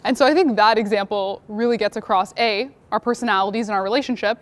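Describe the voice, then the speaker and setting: A woman co-presenting a university workshop, telling a lively story to the audience. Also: mid-range voice, quick pace. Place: lecture room at a university.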